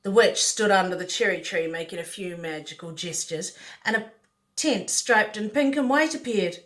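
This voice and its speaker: A woman's voice: medium pitch, moderate pace, a bit bright. A woman reading a picture book aloud, playful, with chatty asides to the listener. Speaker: storyteller.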